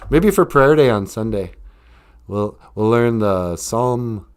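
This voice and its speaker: A man's voice: lowish voice, lively intonation, slow pace, clear, resonant tone. A man hosting a casual live stream, reading viewer comments aloud and rambling through jokes, laughing often.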